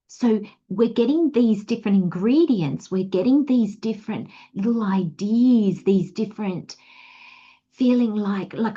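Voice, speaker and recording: A woman's voice: mid-range voice, warm tone, breathy edge, dull audio. An Australian woman giving a tarot reading in a chatty, rambling way, slipping into little acted inner voices. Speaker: tarot reader. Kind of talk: casual spiritual guidance talk.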